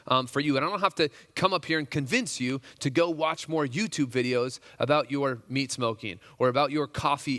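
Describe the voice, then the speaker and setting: A man preaching to a men's gathering as pastor in a relaxed, chatty way, full of restarts and fillers. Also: mid-range voice, in a large hall. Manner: conversational, many restarts and fillers, animated. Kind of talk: casual sermon.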